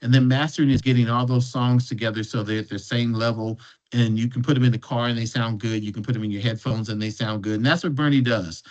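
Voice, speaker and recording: A man's voice: mid-range voice, steady tone, quick pace, darkish tone. Man telling stories, dull lo-fi recording. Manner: restarts and repeats words while telling a story. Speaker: guest speaker. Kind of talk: conversational storytelling.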